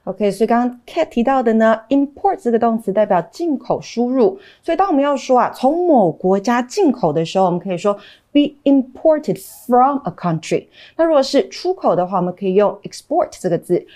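A woman's voice: on the high side, sing-song, brisk, mellow. A woman co-hosting a lesson, explaining English grammar. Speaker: teacher co-host.

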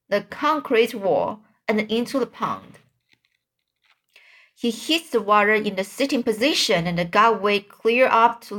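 A woman reads a children's chapter book aloud at a slow, leisurely pace. Her voice sits at an ordinary middle pitch, and she sometimes trips over a word and goes back over it. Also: a bit bright. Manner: unhurried, with occasional slips and rereads. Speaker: reader. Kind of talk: reading a children's novel aloud.

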